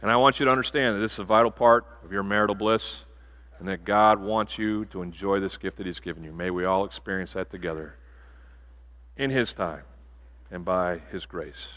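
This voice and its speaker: A pastor giving a sermon in a church, animated and jokey, with bursts of loud emphasis. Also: male voice, lowish voice. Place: church sanctuary.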